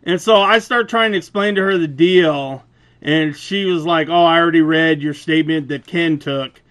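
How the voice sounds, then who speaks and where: Male vlogger, young adult, booming and a touch high-pitched, profane, animated storyteller. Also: normal speed. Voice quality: loud, booming voice. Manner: animated, profane, laughs through the retelling. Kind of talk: casual storytelling rant.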